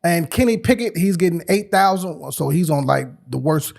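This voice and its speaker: A man's voice: fairly high pitch, animated, normal speed, gravelly, a little mellow. A man co-hosting a casual sports podcast, laid-back as he runs through figures and opinions. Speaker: podcast co-host.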